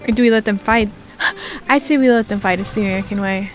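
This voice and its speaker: A woman's voice: medium pitch, fast, faint music behind. A young woman giving casual, joking commentary to herself while she plays a game. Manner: chatty, joking, talks to herself. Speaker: gaming video creator.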